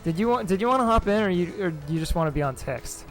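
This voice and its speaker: A man with a slightly high voice chats casually on a gaming livestream. He rambles along, stopping and restarting his thoughts and chuckling often. Faint music plays under his talk. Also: expressive, fast talker. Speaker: stream host and translator.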